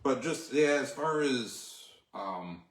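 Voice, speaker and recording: A man's voice: mid-range voice, expressive, slow. A man co-hosting a casual talk show, rambling through his thoughts with plenty of fillers. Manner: rambling, lots of fillers like "like" and "you know". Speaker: co-host. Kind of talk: casual chat. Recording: echoey room.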